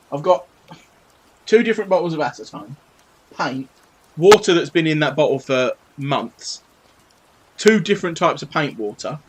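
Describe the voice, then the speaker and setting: Painting models on his live stream at a home desk, a British man in his thirties keeps up cheeky, playfully sweary chatter. His voice sits a little high and is expressive and slightly rough, with a measured pace and long pauses. The audio is poor.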